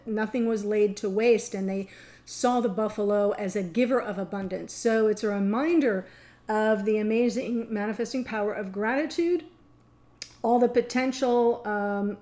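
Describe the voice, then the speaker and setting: A woman's voice: mid-range voice, warm tone. A middle-aged woman giving a casual tarot reading to camera, chatty and meandering, often laughing and getting emotional. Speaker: tarot reader.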